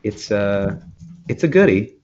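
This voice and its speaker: A man's voice: lowish voice, animated, a little mellow. A man co-hosting a casual podcast, chatting loosely with lots of fillers and restarts. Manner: rambling, halting with fillers and restarts. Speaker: podcast co-host. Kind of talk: casual banter, wine tasting chat. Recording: dull lo-fi podcast audio.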